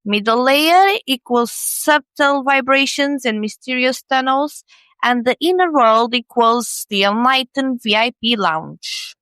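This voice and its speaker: A woman's voice: high voice, animated, a little slow, a bit bright, smooth, no room sound. A woman co-hosting a podcast, narrating in a scripted comedic style with wry, sarcastic asides. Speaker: podcast co-host.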